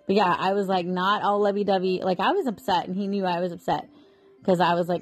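A woman's voice: fairly low pitch, little pitch movement, quick pace, breathy edge, soft background music. A woman in her thirties talking casually to the camera from her bed at home, chatty and rambling, sounding mentally exhausted. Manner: chatty, rambling, lots of "like" and "you know". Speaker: mom vlogger.

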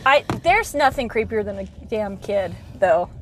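A woman co-hosting a casual podcast, blunt and quick to swear and laugh. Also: mid-range voice, lively intonation, a little hiss or hum. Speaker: podcast co-host.

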